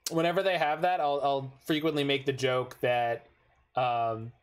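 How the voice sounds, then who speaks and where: Narrating his own card game, this gaming streamer speaks a little slowly in a smooth, steady, medium-pitched voice. Muttering to himself as he plays, he swears and erupts in frustration whenever a play goes badly.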